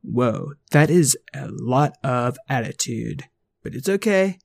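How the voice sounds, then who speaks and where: A storyteller voicing a laid-back, centuries-old robot babysitter who talks like a relaxed surfer, saying "like" and "beep boop". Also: mid-range voice, slow pace, creaky, heavily acted. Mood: mellow. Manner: drawling, says "like" and "beep boop".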